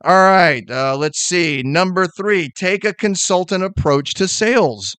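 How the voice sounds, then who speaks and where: Brash, fast-talking man with a higher voice. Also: fairly bright tone, clean tone, dry recording. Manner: fast, emphatic and blunt. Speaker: sales podcast host. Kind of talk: energetic motivational talk.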